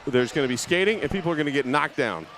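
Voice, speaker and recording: A man's voice: on the high side, lively intonation, a bit bright. A man doing live play-by-play commentary, chatty and joking between calls. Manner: joking, conversational, quick asides.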